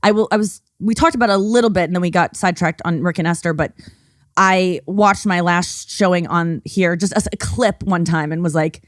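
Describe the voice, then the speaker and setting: Animated, foul-mouthed woman guest, dry mic. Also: on the low side, a little fast, no room sound. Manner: animated, swears freely, breaks into impressions. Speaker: podcast guest, comedian. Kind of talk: casual chat.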